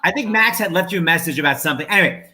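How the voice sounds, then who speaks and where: A man hosting a live-streamed chat over a video call, telling stories in a quick, animated way. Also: high voice, noisy background. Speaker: host.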